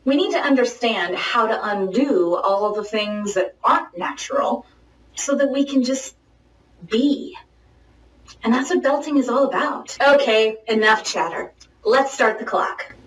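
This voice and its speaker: Joking lady vocal coach, higher voice, a bit far from the mic. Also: reverberant, slight background noise. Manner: playful, jokey and direct, with sung and shouted demonstrations. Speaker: singing teacher. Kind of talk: online vocal lesson.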